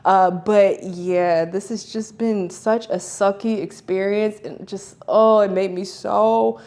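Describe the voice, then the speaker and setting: A woman speaks straight to her viewers in a relaxed home vlog. Her talk is candid and emotional, loose and chatty, with filler "like"s. Her pitch sits right in the middle. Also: slow pace. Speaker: vlogger. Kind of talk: casual confessional vlog. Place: at home in an apartment.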